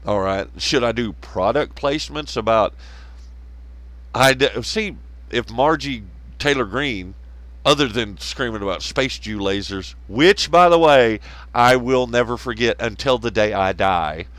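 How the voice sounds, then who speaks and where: A man's voice: medium pitch, expressive, measured pace, a bit bright, dry recording. A man hosting a podcast, ranting casually and sarcastically, swearing constantly and laughing at his own jokes. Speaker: podcast host. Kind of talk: profane casual rant.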